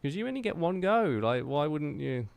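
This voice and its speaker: A man's voice: on the high side, sing-song, moderate pace, gravelly, smooth, no room sound. Earnest English man chatting on stream. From England. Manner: rambling, earnest and motivational, many fillers. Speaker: drummer live-streaming to chat. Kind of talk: casual live-stream chat.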